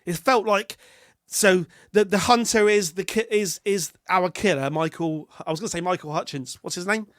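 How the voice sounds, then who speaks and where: A man's voice: high-pitched, moderate pace, a bit bright, no room sound, studio quality. A British man co-hosting a podcast, chatting casually about a film in a rambling, self-interrupting way. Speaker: podcast co-host.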